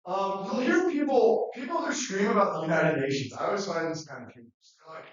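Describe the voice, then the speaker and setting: A man's voice: sits high, expressive, a little fast, hardly any pauses. A man giving a classroom lecture in a rambling, conversational way, with many fillers and restarts. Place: lecture room. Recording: muffled, very echoey, distant.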